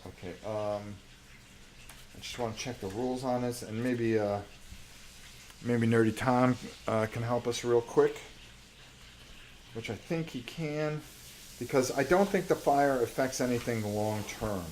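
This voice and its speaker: A man with a sore voice talks slowly through a solo board wargame on a live stream. He mutters to himself as he checks the rules, with a faint hum of noise behind him. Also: mid-range voice, a little mellow. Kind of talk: casual live-stream gameplay commentary.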